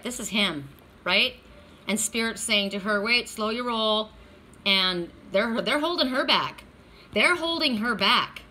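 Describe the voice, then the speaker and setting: A bright, forceful woman reads oracle cards in a casual, blunt way. She swears freely and keeps asking "right?" over a faint background hum. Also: medium pitch. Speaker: oracle card reader. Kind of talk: casual card reading.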